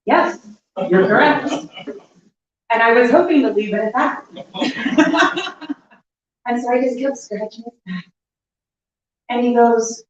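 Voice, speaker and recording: A middle-aged woman telling a funny personal story at a live story slam, animated and laughing as she goes. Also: fairly high pitch, slow, pauses often. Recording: echoey, distant, dull live room recording.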